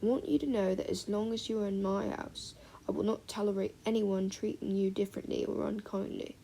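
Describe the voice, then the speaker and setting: A woman's voice: mid-range voice, fairly even intonation, fairly quick, vocal fry, warm tone, a little hiss or hum, close to an everyday voice. A woman voicing a stern older female teacher with a reedy Scottish accent, precise and formal. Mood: formal, measured.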